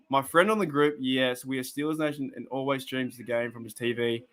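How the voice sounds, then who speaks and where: A man's voice: mid-range voice, fairly even intonation, brisk, hardly any pauses, fairly bright tone. A young Australian man hosting a casual live stream, chatting to viewers in a rambling way with lots of restarts and fillers. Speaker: live stream host reacting to football.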